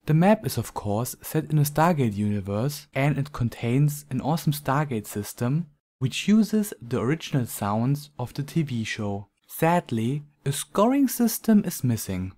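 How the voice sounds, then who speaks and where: A man's voice: medium pitch, warm tone. Man with a German accent reviewing. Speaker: game map reviewer. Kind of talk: scripted review narration.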